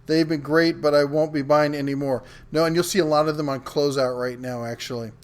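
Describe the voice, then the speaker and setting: A middle-aged man hosts a casual livestream, his voice sitting a little high for a man. He chats loosely, stopping to read viewer comments aloud, often filling gaps with ums and restarts. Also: fairly even intonation, a little fast, clear, resonant tone. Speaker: host of a live tool show reading chat.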